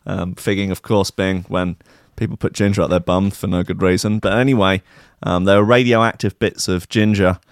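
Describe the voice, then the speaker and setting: Guy rambling through a silly story, deadpan, lots of ums, dry mic. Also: on the low side, dry recording. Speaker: podcast host. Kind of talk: comic storytelling monologue.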